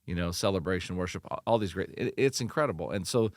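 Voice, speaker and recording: A middle-aged man, a pastor, giving earnest, animated encouragement in a podcast interview, often restarting his sentences. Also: low-pitched, quick pace, dry recording, studio quality. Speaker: pastor and church leadership consultant.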